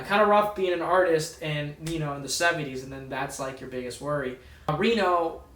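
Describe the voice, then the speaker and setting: A man's voice: on the high side, fairly bright tone. A man casually reviewing horror films in a rambling way, full of ums, uhs and restarts. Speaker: movie reviewer. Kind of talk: casual movie review vlog. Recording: echoey room, distant mic.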